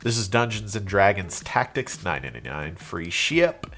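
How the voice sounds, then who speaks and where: A congested young man with a cold, a reseller vlogger, rambles casually through a show-and-tell of things he resold, full of fillers and restarts. His voice sits low and a bit bright, moves at normal speed, and swings widely in pitch.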